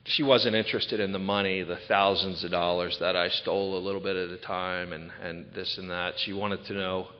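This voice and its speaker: Low-voiced man in an echoing hall. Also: flat delivery, a little fast. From Ocean City, Maryland. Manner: candid, conversational storytelling. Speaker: recovery speaker. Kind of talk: personal testimony talk. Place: large event hall. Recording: echoey hall, dull lo-fi sound.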